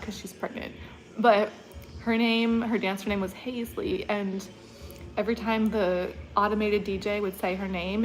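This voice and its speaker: A woman's voice: medium pitch, low-quality recording. A woman vlogger chatting casually on a livestream, rambling and laughing often. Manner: mimics an announcer's voice.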